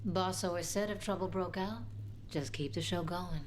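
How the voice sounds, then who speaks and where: An actress playing a soft-spoken lounge singer with a smoky voice in a video game. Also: female voice, lowish voice, fairly even intonation, moderate pace, slight background noise, natural voice.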